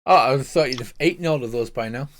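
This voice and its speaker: A man's voice: mid-range voice, fast. An older man narrating as game master, hesitant, with many fillers.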